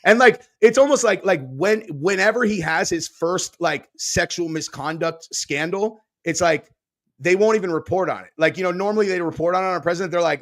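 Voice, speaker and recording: A man co-hosting a podcast in casual chat, laid-back and profane, with animated storytelling. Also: high voice, fairly quick. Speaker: podcast co-host.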